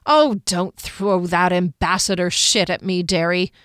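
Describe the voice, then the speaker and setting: A woman narrator voicing a sharp-tongued, defiant young woman who speaks sarcastically in a storybook reading. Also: fairly low pitch, a little slow, smooth, no echo, studio quality, lightly acted. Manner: sarcastic, sneering.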